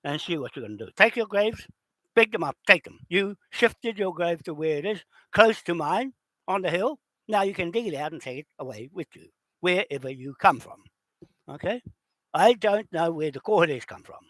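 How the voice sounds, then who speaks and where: Angry kiwi guy ranting and swearing at people, higher voice, dry sound. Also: expressive, moderate pace, fairly bright tone, no echo. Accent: New Zealand. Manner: heated, profane, addresses opponents directly. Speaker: video channel host.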